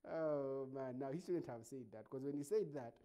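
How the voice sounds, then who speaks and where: A Ugandan man hosting a show, talking through a casual comedic monologue with plenty of laughing and mockery. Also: mid-range voice. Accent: Ugandan English. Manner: animated, laughing, mocking. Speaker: show host.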